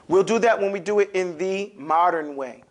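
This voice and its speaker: A man's voice: high voice, normal speed. A man teaching an Arabic alphabet class, explaining and drilling syllables emphatically for students to repeat in a classroom.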